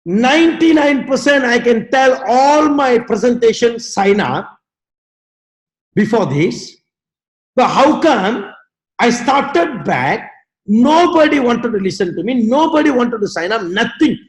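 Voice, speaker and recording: A man giving a motivational talk, with dramatic swings from shouting to low murmurs and emphatic, repetitive phrasing. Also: reverberant, rough recording. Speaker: motivational speaker.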